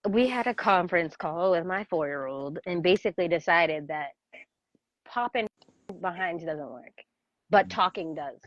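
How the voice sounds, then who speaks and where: A woman in her thirties, a parenting coach, talking casually as an interview guest and telling animated stories. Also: fairly low pitch, moderate pace, no echo. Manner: animated storyteller, laughs often, acts out voices. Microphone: video call. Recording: dry, dull video-call audio.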